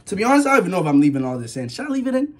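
A man's voice: high voice, big pitch swings, rapid-fire. Nervous jumpy young man vlogging. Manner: nervous, jumpy, rambling, slangy, yelps and laughs. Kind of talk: casual vlog talk to viewers.

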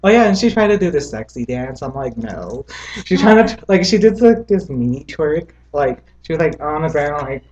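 A man's voice: on the high side, lively intonation, darkish tone, muffled recording. Gossipy man in casual chat. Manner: gossipy, quick to react. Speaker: co-host. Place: indoors at home.

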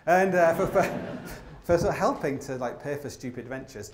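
A man's voice: a little high, lively intonation, moderate pace, a little hiss or hum. A man telling rambling, self-mocking climbing stories in a live stage talk, full of "like" and restarts. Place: opera house stage. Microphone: stage microphone. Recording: roomy theatre sound.

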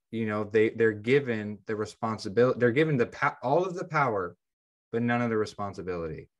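Podcast guy with a lowish voice, rambly storytelling, lots of ums and uhs. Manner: rambling, heavy on fillers and restarts. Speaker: podcast co-host. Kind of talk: casual storytelling.

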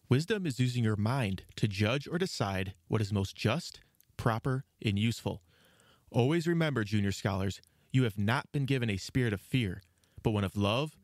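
A man's voice: on the low side, dry recording. Man narrating a storybook, dry sound. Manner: measured, gentle reading. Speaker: storyteller host.

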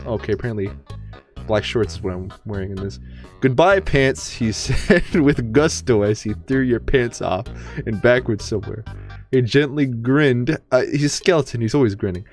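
A man's voice: mid-range voice, normal speed, soft background music. A young man doing a comedic dramatic reading, often laughing and breaking off to react while playing a game. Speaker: YouTuber reading fan fiction while gaming.

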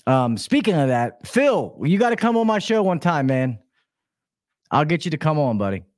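Male podcast guest, high and lively, swears freely, plays out his own dialogue. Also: moderate pace, no echo, clean studio sound. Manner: animated, profane, acts out dialogue. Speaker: podcast guest, HVAC podcast host. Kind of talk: casual storytelling chat.

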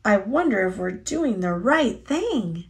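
A woman's voice: high-pitched, huge pitch swings, slow, voice pushed up, full character voice. A woman voicing a fretful middle-aged mother in a storybook, worried and fussing.

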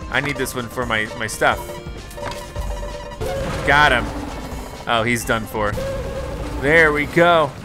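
A man, a gaming video host, giving excitable let's play commentary and reacting out loud to a boss fight. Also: mid-range voice, slow pace, pauses often. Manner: excitable, flustered, talks to the game. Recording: clear game music behind.

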